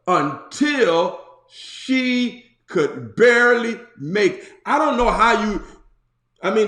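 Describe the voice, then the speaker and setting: Male pastor, sermon, slangy storytelling, fairly high voice, roomy church echo. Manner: colloquial, animated storytelling with slang.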